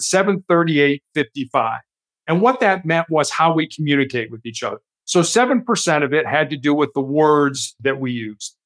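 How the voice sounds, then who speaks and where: A man, a guest author and speaker, telling stories earnestly in a conversational interview. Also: a little high. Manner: earnest, explanatory, acts out quoted lines.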